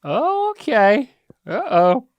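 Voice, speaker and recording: A man's voice: extremely high pitch, huge pitch swings, extremely slow, no room sound, dull audio. A man hosting a casual chat in a playful, teasing, coaching manner. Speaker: podcast host, the son.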